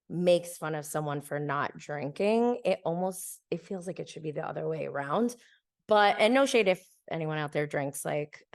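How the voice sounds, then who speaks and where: A woman hosting a podcast, casually telling a story in a chatty way, with many "like"s and light laughs. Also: on the low side. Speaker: podcast host.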